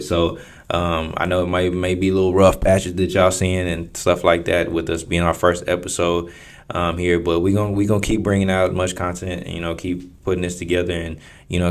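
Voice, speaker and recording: Deep, flat-voiced laid-back male podcaster. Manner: laid-back, rambling with many fillers and restarts. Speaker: podcast co-host. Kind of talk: casual podcast chat.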